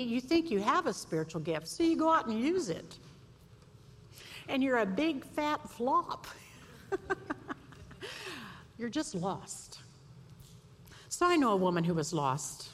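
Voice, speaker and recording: A woman giving a storytelling sermon to a women's audience, animated and acting out voices. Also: medium pitch. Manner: lively storyteller, acts out voices. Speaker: speaker at a women's event. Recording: echoey hall, faint room noise.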